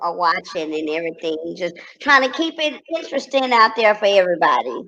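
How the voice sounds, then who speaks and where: Gravelly-voiced Texas woman. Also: on the low side, big pitch swings, brisk, pushed and bright, dull audio. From Corsicana, Texas. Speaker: guest, reality TV personality. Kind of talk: casual interview chat.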